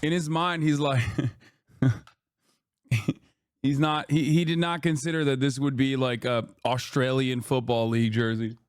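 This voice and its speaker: A man's voice: medium pitch, fairly even intonation, a little slow, pauses often, clear, resonant tone, no echo, studio quality. A man giving casual, profane commentary on news clips, incredulous and sarcastic as he reacts. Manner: incredulous, sarcastic, swears often.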